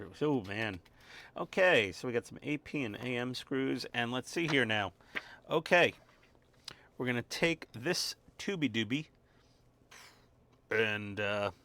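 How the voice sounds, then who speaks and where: At his home workbench, with a dog close by, a man who hosts a hobby model-building channel narrates his build casually, step by step. He has a lowish voice with a bright, forceful tone, dropping wry asides and muttering instructions.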